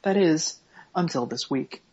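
A man's voice: a little high, lively intonation, measured pace, a little mellow, husky. A man co-hosting a podcast, reading an email aloud with sarcastic, profane, mock-dramatic commentary. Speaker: podcast co-host. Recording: slightly dull lo-fi podcast audio.

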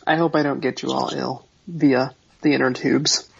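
Guy with a cold on a muffled call, gravelly husky voice, deadpan jokes. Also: mid-range voice, normal speed, dry recording. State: has a cold. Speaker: podcast co-host. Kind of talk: casual chat. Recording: dull internet call audio.

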